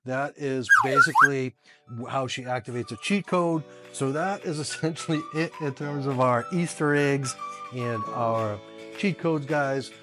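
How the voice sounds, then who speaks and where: A man's voice: medium pitch, wildly swooping pitch, unhurried, over music. Chatty man demoing smart speakers. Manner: chatty, laughs often, restarts phrases. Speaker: tech video host. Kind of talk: casual tech demo. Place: home room with smart speakers.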